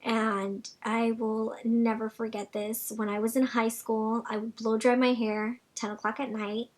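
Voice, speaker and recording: A young woman vlogger answers viewer questions in a loose, rambling way, full of "like" and restarts. Her voice sits fairly high and has a breathy, slightly husky grain. She sometimes sinks into a soft near-whisper. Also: level tone, unhurried. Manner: chatty, rambling, many "like" fillers. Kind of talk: casual Q&A vlog chat.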